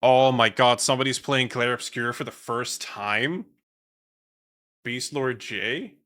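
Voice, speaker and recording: Bright-voiced dutch guy rambling on stream. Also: medium pitch, measured pace. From Netherlands. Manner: rambling, swears casually, reads chat aloud. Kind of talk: casual stream chat.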